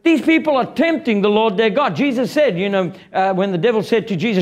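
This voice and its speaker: Guy preaching a sermon, pretty high voice, blunt and jokey, really animated. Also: fairly quick, hardly any pauses. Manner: animated, blunt and joking, quoting scripture.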